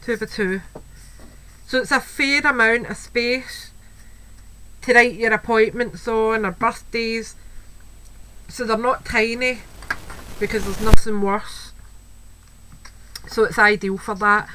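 This crafting video host from Scotland has a high-ish voice, pushed and bright, with fairly even intonation, a slow pace, and frequent pauses. She gushes casually about a crafting item at home, using lots of "wee"s and "um"s. Faint household noise and a child come through the rough recording.

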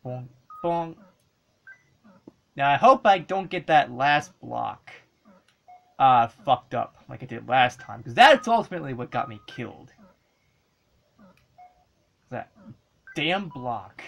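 A woman giving casual commentary while playing an old handheld game, excitable and swearing and yelling at the screen. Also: a bass voice, takes it slowly, gravelly, long pauses, muffled recording. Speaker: let's play gamer.

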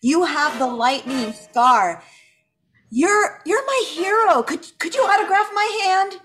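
A woman's voice: very high voice, animated, slow pace, a bit bright, faint music behind. A woman performing improv comedy on a video call, starstruck and stammering.

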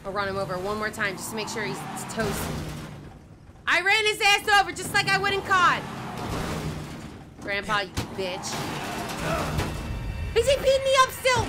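A young adult woman streamer giving loud live commentary on a horror game, swearing often and yelping and screaming. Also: medium pitch, sing-song, moderate pace, long pauses. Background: game music.

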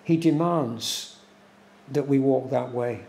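A man preaching a sermon in a church, slow and deliberate, repeating words for emphasis. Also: mid-range voice, vocal fry, warm tone, slight background noise. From England. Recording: echoey church room.

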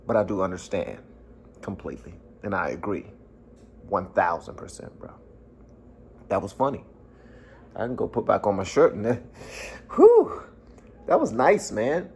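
Animated, gravelly-voiced reaction host man. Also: fairly low pitch, moderate pace, long pauses, slight background noise. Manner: animated, laughing, loose slangy talk. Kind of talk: casual reaction commentary.

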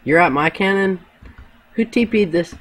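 A young man on gaming voice chat with a slightly high-pitched voice. He talks excitably, trading crude trash talk and shouting at his teammates. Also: moderate pace. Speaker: gamer.

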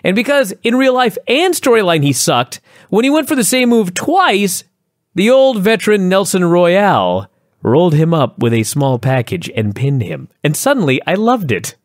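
A man co-hosting a wrestling review podcast, talking in an excitable, enthusiastic way and swearing freely. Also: sits high, normal speed, no room sound, clean studio sound. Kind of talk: casual chat.

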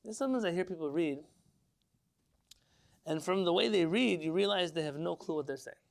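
A man teaching an informal religious class as a rabbi, lively and rhetorical, putting questions to his listeners. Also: high voice, a little fast, gravelly. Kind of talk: informal Torah lesson to a live class.

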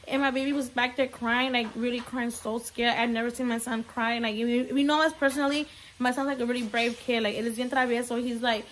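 Fast-talking young woman, near tears. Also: high voice, fairly even intonation, a bit bright, a little hiss or hum. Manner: rambling, many "like" fillers, mixes in Spanish words. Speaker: vlogger. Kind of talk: emotional storytime vlog.

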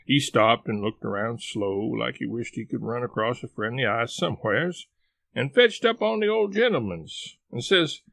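A man narrates a classic novel in folksy dialect, his pitch rising and falling with the story. His voice has a gravelly grain, and the recording is close and dry with no room around it. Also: lively intonation, moderate pace, a bit bright, dry recording. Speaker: audiobook reader.

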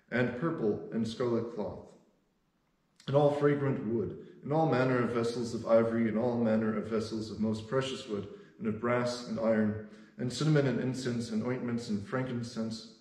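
A man's voice: medium pitch, a little mellow, echoey room, poor audio. A man leading a devotional as pastor, reading scripture steadily with an occasional filler word.

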